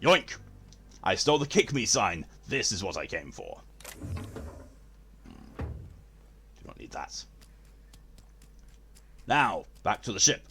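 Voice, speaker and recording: A man streams a game and chats casually with his viewers. His low voice swings widely in pitch, and his delivery is theatrical and posh-leaning. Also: sing-song, takes it slowly, creaky, long pauses, a bit bright, breathy edge.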